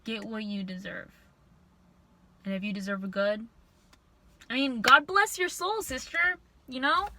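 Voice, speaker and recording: Bright-voiced young woman venting to camera. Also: a little high, measured pace, pauses often. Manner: frustrated, venting, animated. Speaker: vlogger. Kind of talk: storytime rant to camera.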